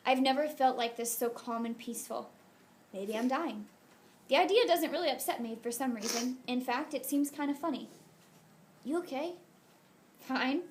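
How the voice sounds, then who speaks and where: A woman reading a first-person novel aloud as an audiobook narrator, in a soft, intimate, unhurried way. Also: high-pitched, slight background noise.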